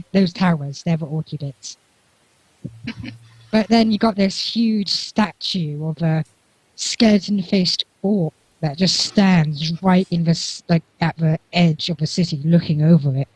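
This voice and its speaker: A man's voice: on the high side, measured pace, a little mellow, dry recording, poor audio. A man running a tabletop game as game master, chatty and laughing often.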